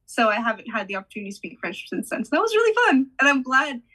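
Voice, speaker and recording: A woman's voice: a little high, sing-song, racing, pushed and bright, slightly rough, low-quality recording. A young woman from the United States, interviewing in a friendly, agreeable way with frequent giggles. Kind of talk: casual interview chat.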